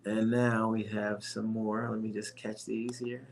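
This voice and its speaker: A man with a fairly low voice chats loosely with his livestream audience and calls them folks. He rambles, restarts his sentences and leans on plenty of ums. A faint hum sits underneath the recording. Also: flat delivery, a little slow, creaky. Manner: rambling, chatty, many fillers and restarts; friendly, addresses viewers as folks. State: a little winded and tired. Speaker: livestream host. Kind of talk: casual livestream chat.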